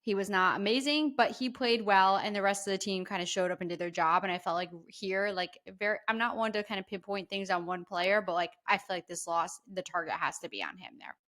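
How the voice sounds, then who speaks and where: A woman's voice: mid-range voice, fairly even intonation, a little fast, hardly any pauses, fairly bright tone. Female co-host breaking down a game, emphatic, casual. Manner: apologetic then emphatic game analysis. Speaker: podcast co-host. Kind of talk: casual sports chat.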